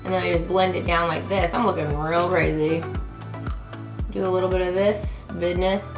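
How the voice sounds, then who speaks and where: A woman's voice: fairly low pitch, steady tone, moderate pace, roomy sound, music in the background. A woman in her thirties chatting through a makeup tutorial, bubbly and talking straight to her viewers. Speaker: beauty vlogger.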